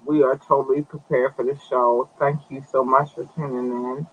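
A man's voice: medium pitch, level tone, moderate pace, dull audio, slight background noise. A man hosting a podcast, chatting loosely to his viewers, cursing and drawing out his words. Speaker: podcast host. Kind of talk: casual live-stream news commentary.

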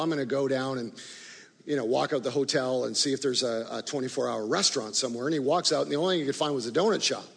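A male pastor telling a story in a sermon, animated in the story and quiet and low in the prayer. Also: gravelly, husky. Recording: long reverb of a large hall.

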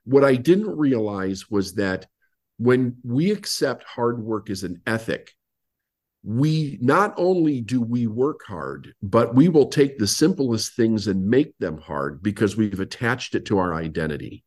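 A man's voice: medium pitch, unhurried. A man, a business coach guest on an interview, telling his story and acting out old conversations. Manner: animated storyteller, acts out past dialogue.

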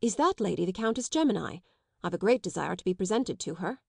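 A woman reading the part of an eager, anxious young gentleman in an audiobook, pleading and defiant in turn. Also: medium pitch, animated, quick pace, gravelly, slightly rough, dry recording, studio quality. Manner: pleading, defiant, slightly raised voice.

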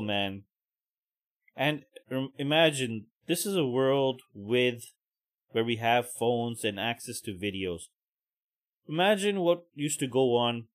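A man hosting a podcast, giving profane, heated, mocking commentary. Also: medium pitch. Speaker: podcast host. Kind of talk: ranting commentary.

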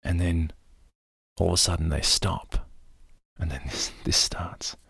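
Low, raspy man; loose, meandering storyteller, gravelly edge. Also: steady tone, unhurried, fairly bright tone, no room sound, in a whisper, clean studio sound. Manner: rambling, loose storytelling with many fillers. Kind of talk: casual retelling of a film scene.

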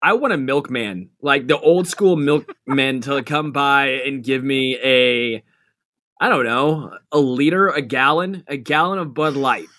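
A man's voice: mid-range voice, unhurried, pushed and bright, no room sound. Male co-host, joking, rambles, dry close sound, mid voice. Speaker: podcast co-host. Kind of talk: casual sports podcast chat.

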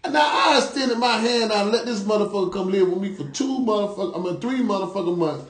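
A man's voice: sits high, quick pace, reverberant. A man co-hosting a podcast in casual chat, ranting heatedly and swearing often. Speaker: podcast co-host.

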